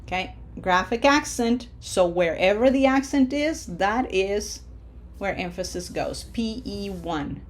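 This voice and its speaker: A woman teaching a Spanish pronunciation lesson, modeling each word slowly and clearly and coaching learners with encouraging asides. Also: medium pitch, animated. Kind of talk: language lesson.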